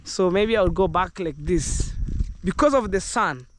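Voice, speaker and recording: There's slight background noise as a young Kenyan man, Kenyan-accented, vlogs on foot outdoors in the countryside, his voice high, expressive, fairly bright and a little slow. He rambles upbeat to viewers in casual camera talk, adding bits of Jamaican slang.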